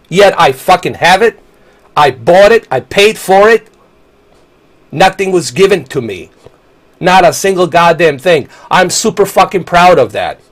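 A man's voice: a little high, creaky, fairly bright tone. A man, ranting angrily and profanely while live-streaming a game. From Bosnia. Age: 40s. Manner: angry, profane, combative.

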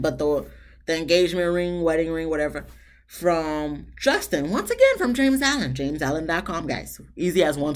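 A woman giving a casual, sarcastic review of a TV episode, talking straight to her viewers and laughing between remarks. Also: deep voice. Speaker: TV show reviewer. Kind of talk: casual commentary vlog.

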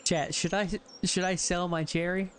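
A gaming streamer gives live-stream commentary over game music, muttering to themselves, counting aloud and swearing when things go wrong. The voice is mid-range with a level tone at a moderate pace, and there is slight background noise.

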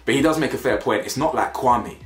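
A man's voice: mid-range voice, lively intonation, fairly quick. A man giving blunt, slangy commentary on a reality show, repeating himself for emphasis. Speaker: reality TV reviewer. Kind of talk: casual opinionated commentary. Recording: echoey room with faint music.

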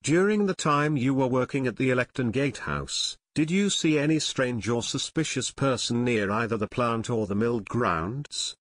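A man voicing Frank, a calm, kind teenage boy detective with a steady, inquiring manner. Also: mid-range voice, normal speed, hardly any pauses, no room sound, studio quality, lightly acted.

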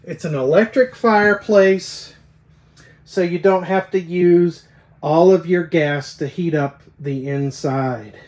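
A man's voice: a little high, slow pace. A man giving an enthusiastic walkthrough tour of a travel trailer as a salesman, eagerly pointing out each feature. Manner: excited, keeps pointing things out "right there".

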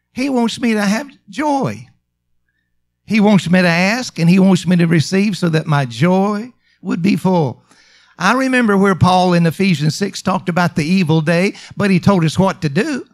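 A male pastor with a high, light voice delivers a sermon. He stretches key phrases out slowly and lifts them into emphatic calls, then drops back to a quieter, confiding tone. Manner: emphatic preaching, drawn-out slow phrases and rising calls.

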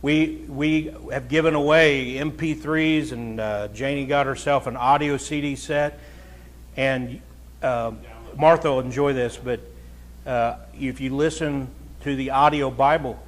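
A pastor preaching a conversational, folksy sermon to his congregation, chatting with listeners and then building to emphatic, raised points. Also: mid-range voice.

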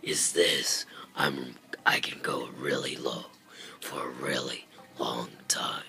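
A woman talking through a voice changer that makes her sound extremely deep and gravelly. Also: steady tone, takes it slowly, pushed and bright, exaggerated voice.

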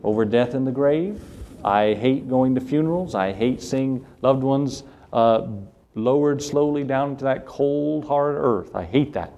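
A man's voice: medium pitch, unhurried, dark tone, lo-fi sound. A man preaching a sermon as pastor, earnest and building to emphatic questions. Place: church sanctuary.

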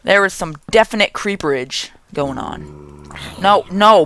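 A young man hosting a gaming channel, giving jokey, excitable let's play commentary and talking to the game's monsters. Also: high-pitched, unhurried, creaky.

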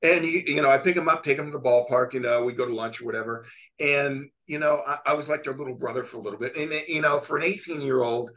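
Guest storyteller, middle-aged man, animated and rambling, mid-range voice. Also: mid-range voice, fast. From California. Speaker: guest, sports photographer. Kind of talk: casual storytelling chat.

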